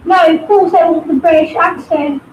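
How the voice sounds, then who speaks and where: Young woman, high voice, halting casual study talk, faint room noise. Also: steady tone, reverberant, lo-fi sound. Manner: hesitant, halting, thinking aloud. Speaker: student.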